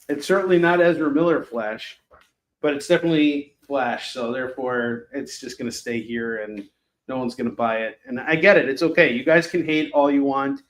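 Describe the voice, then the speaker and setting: A man hosting a live shopping stream, selling comics in a casual, chatty pitch, with sarcastic jokes and lots of fillers. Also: fairly bright tone.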